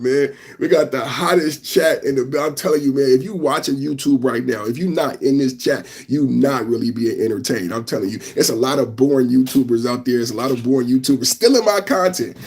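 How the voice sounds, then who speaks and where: Male podcast host, live stream, rambly, keeps addressing the chat, breathy edge to the voice. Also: medium pitch, darkish tone. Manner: repeats phrases and stacks filler "man". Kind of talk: live news reaction stream.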